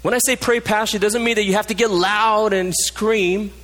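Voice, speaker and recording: A pastor preaching a passionate sermon, dropping low and soft for emphasis, in a church. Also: male voice, fairly even intonation, fairly quick. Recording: long reverb of a hall.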